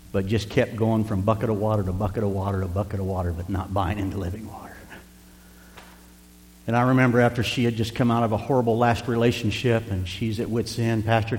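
A man preaching a sermon as pastor, impassioned, swinging between hushed pleading and loud preaching. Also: fairly low pitch, big-room sound. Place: church sanctuary.

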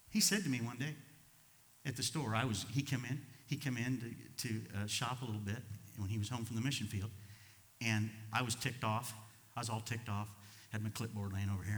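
An older man preaching a sermon, telling personal stories in a folksy, impulsive way that swings from soft to loud. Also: fairly low pitch, in a large hall. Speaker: pastor.

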